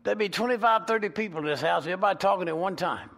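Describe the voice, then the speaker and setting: A man with a Georgia Southern accent, preaching a sermon as a pastor and telling folksy stories with animated swings in volume. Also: sits high, rapid-fire, gravelly. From Georgia, USA. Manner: animated, folksy, swings between loud and soft.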